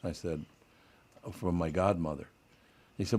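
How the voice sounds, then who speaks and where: Older man, very low voice, dry storyteller, radio host banter. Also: lively intonation, normal speed. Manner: dry storytelling with sudden laughs. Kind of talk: casual talk radio banter.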